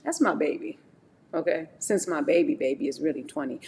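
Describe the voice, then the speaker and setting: Middle-aged woman, low gravelly voice, animated faith talk on a live stream, speaks straight to viewers; faint rumble behind her. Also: a little fast. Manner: animated, preachy, talks straight to the chat.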